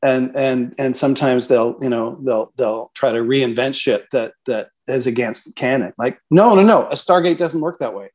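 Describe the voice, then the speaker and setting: A middle-aged man, a writer-producer hosting an interview, talking in a relaxed way and laughing between thoughts. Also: mid-range voice. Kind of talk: conversational interview.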